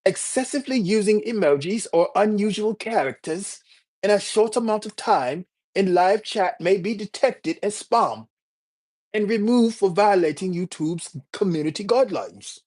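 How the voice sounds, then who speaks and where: A man's voice: high-pitched, expressive, moderate pace, a little mellow, pitched above the performer's own voice. A man voicing a formal help-desk figure in a put-on British accent. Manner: prim, formal, helpful. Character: polite British customer-help voice, male adult.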